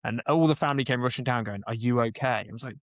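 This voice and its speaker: A man's voice: medium pitch, fast, no room sound, muffled recording. A man, chatting and joking as a podcast co-host. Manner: laughing, jokey banter. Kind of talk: casual chat.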